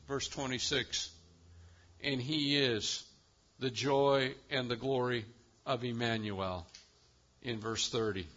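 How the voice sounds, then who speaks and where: A man's voice: medium pitch, pushed and bright, lo-fi sound. A man preaching a sermon as pastor, with an emphatic cadence that rises and falls.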